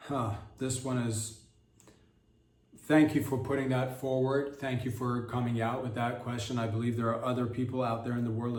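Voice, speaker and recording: A man's voice: mid-range voice, darkish tone, roomy sound, recorded from a distance. A man hosting a comedy podcast, riffing in a rambling, crude monologue with mock-innocent asides.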